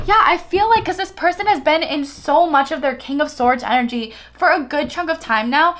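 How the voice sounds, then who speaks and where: A woman's voice: high-pitched, normal speed, hardly any pauses, fairly bright tone, slight background noise. A young woman giving a casual tarot reading, chatty and giggly, swearing freely as she talks. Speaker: tarot reader.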